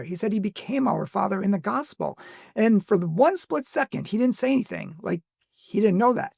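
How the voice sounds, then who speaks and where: Gravelly man telling a story. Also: high voice, expressive, brisk, a little mellow, dry recording, studio quality. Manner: recounts events with small laughs and quoted dialogue. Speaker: answers phones for a Catholic apologetics ministry. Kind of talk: casual storytelling to camera.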